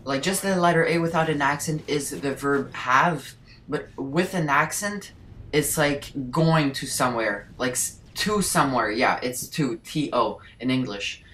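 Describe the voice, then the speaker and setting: A woman's voice: very deep voice, a little slow, fairly bright tone, a little hiss or hum. A young woman from Quebec whose first language is French, speaking English with a Quebec French accent in loose, rambling gameplay commentary full of "like". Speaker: gaming channel host. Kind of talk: casual commentary over gameplay.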